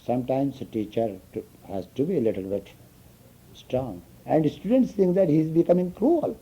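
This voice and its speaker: A spiritual teacher's mid-range male voice, expressive and a bit breathy, moves at a moderate pace. Speaking informally to students, he tells stories, chuckles, and often asks whether they understand. The recording is dull and lo-fi.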